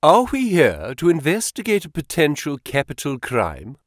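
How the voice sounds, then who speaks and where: A man voicing a terse, brooding male detective who asks probing questions in a low, gruff voice. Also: wildly swooping pitch, normal speed, no echo, studio quality. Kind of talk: audiobook character voice.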